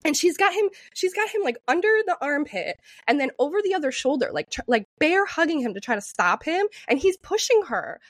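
A young woman co-hosting a podcast, telling a story with animated, profane energy and acting out what people said. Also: sits high, brisk, hardly any pauses, no room sound. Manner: animated, profane, acts out quotes in raised voice. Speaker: podcast co-host. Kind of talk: storytelling chat.

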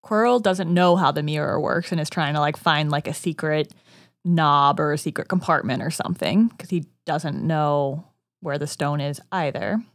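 A woman co-hosting a casual podcast, talking in quick chatty bursts full of "like". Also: low-pitched, no echo, clean studio sound. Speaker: podcast co-host, first-time reader.

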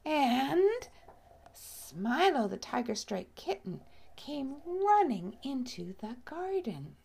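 A woman reading a children's story aloud slowly and expressively, often dropping to a soft whisper. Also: high voice, very animated, gravelly, slightly rough.

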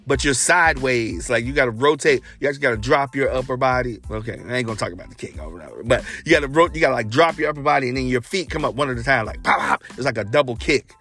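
A man hosting a podcast, telling a personal story in a casual, animated way and acting out the dialogue. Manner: animated, acts out quoted dialogue with big pitch jumps. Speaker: podcast host.

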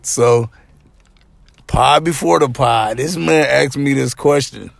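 A man's voice: mid-range voice, slow, creaky, dry recording. A man hosting a podcast, trading laughing, profane banter about boxing. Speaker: podcast host. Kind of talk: casual chat.

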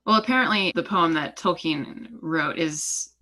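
A woman with a notably low voice that still rings bright and forward. She explains at length in a steady, lecturing manner, pausing now and then with an "um". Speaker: podcast co-host. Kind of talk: explanatory casual chat.

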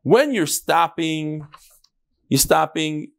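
Animated man teaching Talmud. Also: takes it slowly, vocal fry. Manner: animated, leaps between loud questions and low asides; mixes untranslated Aramaic and Hebrew terms into English. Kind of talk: daily Talmud class.

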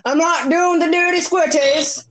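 A man's voice: very high voice, steady tone, a little slow, fairly bright tone, voice pushed up. A young man putting on a slipping Irish accent to play a crude, boastful Irish lad on a casual podcast. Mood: teasing. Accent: put-on Irish, slipping. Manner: brash, swearing, playful. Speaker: podcast co-host.

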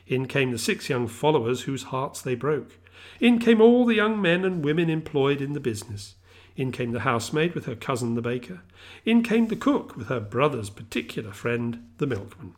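A middle-aged man reads a classic novel aloud in a measured, expressive storytelling voice. His pitch sits in an ordinary middle range, and his phrasing rises and falls with the story. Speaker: reader.

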